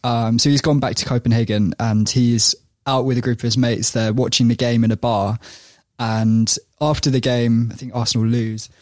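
A man hosts a podcast, telling a story in a chatty, laughing way with plenty of restarts. His voice sits at a medium pitch. The sound is dry and close. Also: level tone, moderate pace, hardly any pauses, darkish tone, no echo. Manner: chatty, laughs often, many fillers and restarts. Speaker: podcast host.

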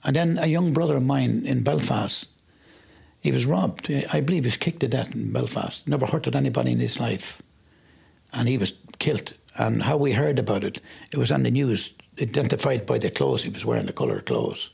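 An Irish man recounts his past in an interview. His voice is deeply gravelly and thick with rasp, at a middling pitch, and he livens up when he acts out his own words. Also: fairly quick. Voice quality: gravelly and husky. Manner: storytelling, animated when quoting himself. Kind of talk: personal testimony.

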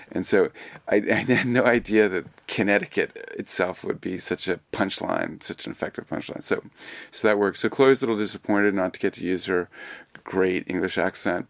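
A man's voice: low-pitched, creaky, dry recording. An older man from the United States, a film director answering interview questions with dry, wry humor and thoughtful digressions.

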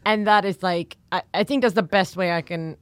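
A woman from the Netherlands with a Dutch accent, co-hosting a casual comedy chat in a lively, joking way. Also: on the low side, moderate pace, clean tone, no room sound. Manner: lively, jokey, playful. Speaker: co-host.

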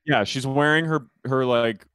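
A young man chats about a TV episode, jumping into characters' voices. His voice sits at an average pitch, recorded close and dry with no room sound. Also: measured pace, clean tone, dry recording. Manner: animated, acts out characters' lines in quotes. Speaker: podcast co-host. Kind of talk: casual chat recapping a TV episode.

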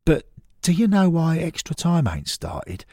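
Guy voicing excitable old footy fan, jumpy high voice, a bit husky. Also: a little slow, dry recording, clean studio sound, full character voice. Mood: excited. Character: excitable elderly male football fan Stan.

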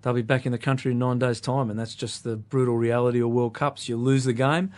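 A man's voice: medium pitch, steady tone, a little fast, a little mellow. A man speaking as a rugby pundit in the studio, earnest and emphatic.

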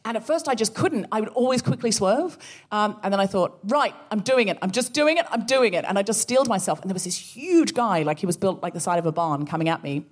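A woman co-hosting a live comedy podcast, telling a story with animated energy and acting out the voices of the people in it. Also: mid-range voice, a little fast. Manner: animated, acts out quoted voices. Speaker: podcast co-host. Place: live theatre show.

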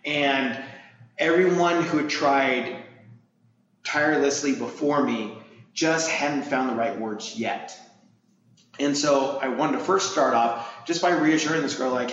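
A man telling a story in casual chat, animated and acting out the people he quotes. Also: medium pitch, a little slow, slight background noise. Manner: energetic storyteller, acts out quotes. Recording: echoey, dull-sounding room.

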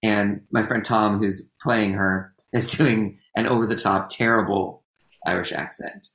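A man's voice: on the low side, fairly even intonation, a little slow, a bit bright. A man chatting casually as a podcast co-host, rambling with many fillers and restarts. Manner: rambling, full of fillers and self-corrections. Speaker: podcast co-host and stage performer. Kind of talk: casual chat. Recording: echoey room.

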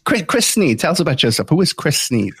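A man's voice: on the high side, big pitch swings, a little fast, breathy edge, no room sound. Chatty male podcast host, dry sound. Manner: chatty, folksy, many fillers. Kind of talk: casual interview chat.

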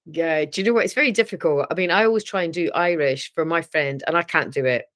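Scottish woman guest, lowish pitch, chatty, laughs a lot, relaxed podcast chat. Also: fast. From Scotland. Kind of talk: casual chat.

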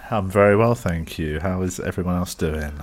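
A man's voice: deep voice, moderate pace. A young man, a comedian guest on a podcast, talking casually in long rambling stories. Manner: chatty, rambling storyteller.

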